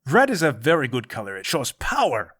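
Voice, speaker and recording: A man's voice: medium pitch, huge pitch swings, fairly quick, a bit bright, husky, voice pushed down, heavily acted. A man playing a pompous, pushy male tyrant in a tabletop game.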